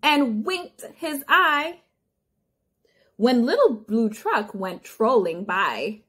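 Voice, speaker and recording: Woman reading a picture book to toddlers, sing-song, very slow, high and lively. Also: husky. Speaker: toddler speech therapist.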